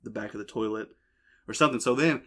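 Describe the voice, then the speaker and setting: A man's voice: on the low side, fast talker, sharp tone. A young man hosting a podcast, telling a crude, rambling story in casual chat. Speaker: podcast host. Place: basement.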